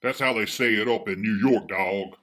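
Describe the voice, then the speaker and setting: A man's voice: fairly low pitch, moderate pace, fairly bright tone. A man co-hosting a podcast, tossing in dry, wisecracking quips during casual chat. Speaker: podcast co-host.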